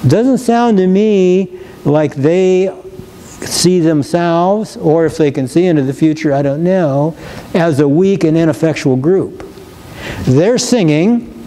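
A man's voice: fairly high pitch, dark tone, low-quality recording. A male pastor giving a sermon in a church, preaching emphatically and reading scripture with rising force. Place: church sanctuary.

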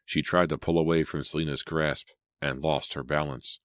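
A man with an extremely deep voice narrates a suspense audiobook in a measured, steady manner. The recording is dry and close, with no room sound. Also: dry recording. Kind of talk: dramatic audiobook reading.

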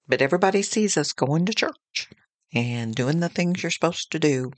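A woman with a low voice hosts a devotional podcast, recorded with no echo. She talks earnestly and conversationally, weaving in homely anecdotes.

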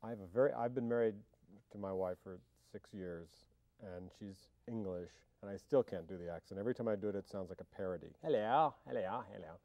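A man's voice: low-pitched, fast, dry recording, highs cut off. A man being interviewed about his acting, talking casually and wryly, joking and trailing off in fillers and restarts. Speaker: film actor interviewee.

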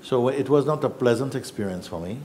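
A man telling a personal story in a reflective, halting way, acting out what others said. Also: mid-range voice, expressive, darkish tone, slight background noise. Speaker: spiritual teacher.

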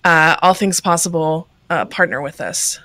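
An earnest woman speaks in a loose, conversational way over a video call, full of fillers. Her voice is bright and forward, with a dry, close sound and no room around it. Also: low-pitched, normal speed, no room sound. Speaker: guest, ministry leader. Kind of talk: casual video-call interview.

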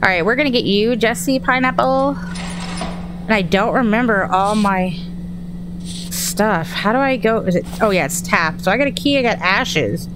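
A woman's voice: mid-range voice, lively intonation, measured pace, background noise. A woman from Texas, chatting through a horror game as she plays, thinking aloud and startling easily. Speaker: gaming streamer. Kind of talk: horror game let's-play commentary.

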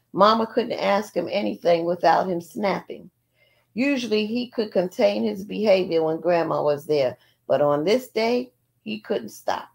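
A woman reading a novel aloud in an unhurried storytelling manner, with small asides. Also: mid-range voice, creaky, a little mellow. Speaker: audiobook reader.

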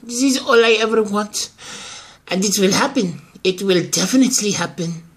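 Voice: medium pitch, normal speed, slightly rough, lightly acted. A performer voicing a scheming older woman who is obsessed with her daughter and grandson, in amateur soap-opera acting. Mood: pleading. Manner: haughty, gloating, pleading in turns.

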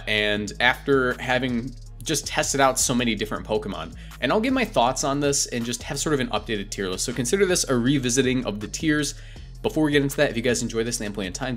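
A man's voice: mid-range voice, a bit bright. A young man hosting his own gaming channel, talking casually and correcting himself mid-thought as he rates game characters. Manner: chatty, self-correcting, quick asides. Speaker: competitive gaming video host. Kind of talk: casual commentary.

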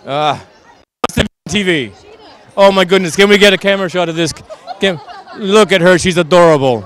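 A man with a high, light voice chats cheerfully with costumed kids outdoors, coaxing them onto camera. He jokes in the role of a harmless vampire count, with a murmur of people around him. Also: moderate pace, fairly bright tone, a faint crowd, slight background noise. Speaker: community TV street interviewer. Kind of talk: casual street interviews with costumed children. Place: outdoors at a street Halloween parade.

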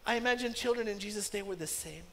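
Man preaching, very high voice, emphatic with hushed drops, long reverb in a church hall. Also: fast. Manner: emphatic, swinging between loud stresses and hushed asides. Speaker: pastor. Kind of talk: sermon. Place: church sanctuary.

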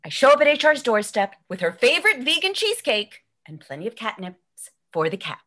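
A woman performs a solo comedy stage piece with a bright, sharp voice. Her pitch sits on the higher side and jumps around a lot as she narrates. Her delivery is animated. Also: brisk. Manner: animated, swinging from storytelling to shouting.

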